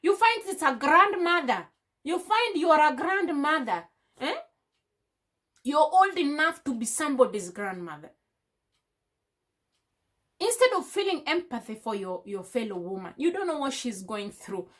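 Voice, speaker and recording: Young woman venting to her viewers while doing makeup, high voice, lots of rhetorical questions. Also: very animated, unhurried, long pauses, fairly bright tone. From Africa. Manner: impassioned, full of rhetorical questions. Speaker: beauty vlogger. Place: indoors at home.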